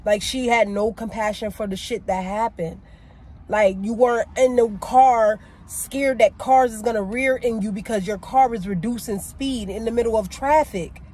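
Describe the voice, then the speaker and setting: A woman's voice: on the high side, steady tone, moderate pace, a little mellow, slightly rough. A woman vlogging from her car, venting angrily about a breakdown and later chatting with relief to her viewers. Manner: frustrated, venting, swearing. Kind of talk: casual vlog rant to camera. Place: in a car by the roadside, then driving. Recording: faint car and street noise.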